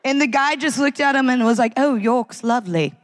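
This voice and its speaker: An American woman performing a live stand-up routine in a large concert hall, wry and animated. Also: brisk. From United States. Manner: wry, animated, acts out characters in high voices. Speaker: stand-up comedian.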